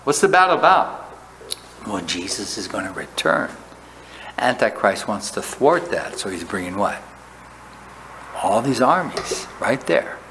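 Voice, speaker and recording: A pastor with a lowish, fairly bright, sing-song voice preaches a sermon at a slightly slow pace, leaving long pauses. He teaches conversationally, often checking in with "right?", and a long hall reverb carries his words over faint room noise.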